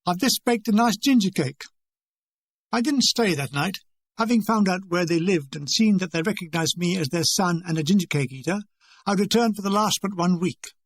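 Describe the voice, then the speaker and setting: A man's voice: high voice, a little fast, no echo. An older English man reading his own war memoir in a dry, wry, conversational way. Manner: dry, wry and conversational, acting out remembered dialogue.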